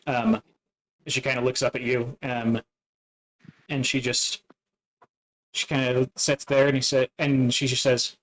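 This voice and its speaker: A man narrating a tabletop game as its game master, casual and halting, with many fillers. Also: medium pitch, flat delivery, fairly bright tone, low-quality recording.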